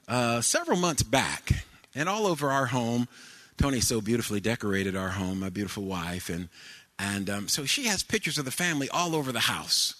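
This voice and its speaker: An older pastor with a medium-pitched voice preaches a sermon, telling homely family stories full of fillers. He then rises into sung cadences and shouts.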